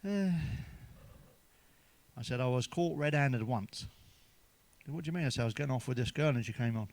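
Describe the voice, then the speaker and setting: A man's voice: mid-range voice, expressive, fast, a little mellow. A man telling crude jokes in a sweary monologue, chuckling at his own punchlines. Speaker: stand-up comedian.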